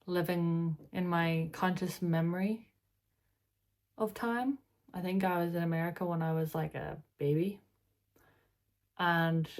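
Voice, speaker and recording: A woman's voice: lowish voice, darkish tone. A tired woman in her twenties with an Irish accent, chatting casually and reading posts aloud for a reaction vlog, rambling with wry asides. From Ireland. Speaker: vlogger.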